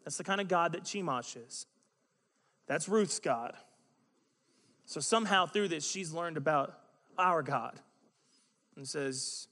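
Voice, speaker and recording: A man preaching a sermon in a conversational, animated way, with joking asides. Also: on the high side, slow pace, long pauses, in a large hall.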